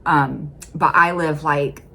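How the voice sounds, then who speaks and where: An American woman chatting casually as she hosts a reaction video, often filling pauses with um and like, recorded at home on a desk mic. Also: low-pitched, steady tone, creaky, sharp tone, a little hiss or hum. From United States. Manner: chatty, hedging with many ums and likes.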